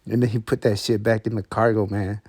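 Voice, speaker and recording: A man's voice: on the low side, little pitch movement, brisk, darkish tone, husky, no echo, studio quality. Laid-back man swapping a profane story. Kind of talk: casual slangy storytelling.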